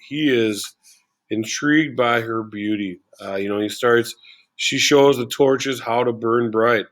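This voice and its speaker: A man teaching a play in a casual, chatty way, full of fillers like "you know.". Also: mid-range voice. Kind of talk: casual explanatory lesson.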